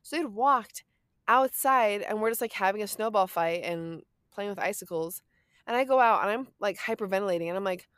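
A young adult woman co-hosting a casual chat show, telling stories in an animated way with lots of fillers. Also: medium pitch, moderate pace, clear, resonant tone, dry recording, clean studio sound. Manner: animated, filler-heavy storytelling. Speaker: podcast co-host.

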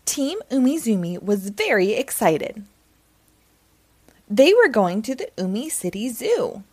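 Slow, expressive woman storyteller. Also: a little high, husky, no echo. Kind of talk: reading a children's book aloud.

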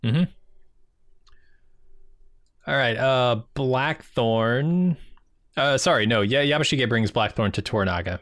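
A man's voice: medium pitch, takes it slowly, pauses often, a bit bright, dry recording, clean studio sound. A man co-hosting a podcast, recapping the plot in a laid-back way and laughing often. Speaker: podcast co-host. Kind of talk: casual chat, recapping plot.

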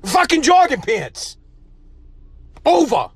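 A man hosting a solo podcast from his truck while driving, ranting in a profane, worked-up way and getting loudly passionate. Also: high voice, expressive, normal speed, no echo. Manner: passionate, yells when fired up. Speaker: podcast host. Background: faint road and engine noise.

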